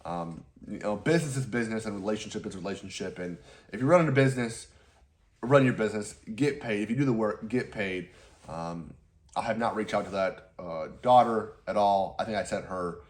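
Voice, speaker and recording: A man's voice: on the low side, brisk. Laid-back man rambling through a story. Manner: rambling, laughs often, swears casually. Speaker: lawn care business owner. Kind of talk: casual storytelling vlog.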